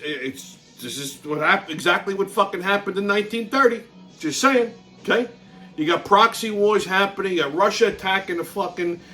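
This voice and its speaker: A man's voice: high voice, pushed and bright. A man hosting his show, ranting bluntly in a heavily profane monologue and laughing through his own stories. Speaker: show host.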